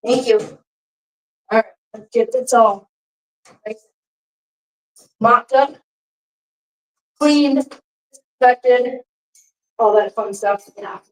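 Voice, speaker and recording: A woman with a somewhat high voice chats casually through a livestream while cleaning up at home. She drifts between chatter for her viewers and cooing baby talk to her cats. She sounds a little distant from the mic. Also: drawn-out words, pauses often. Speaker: cat channel host. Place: home, doing chores. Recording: voice from far off the mic.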